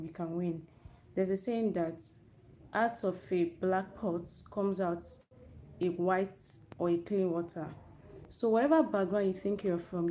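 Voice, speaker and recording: A woman with a fairly low, mellow voice gives an earnest, motivational faith talk to young people over her own network's live stream, frequently restarting phrases as she speaks. She is a youth speaker, and there's slight background noise.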